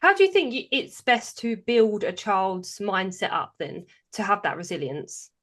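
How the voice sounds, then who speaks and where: A woman's voice: mid-range voice, big pitch swings, a little slow, fairly bright tone. Reflective woman podcast host. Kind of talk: interview questions.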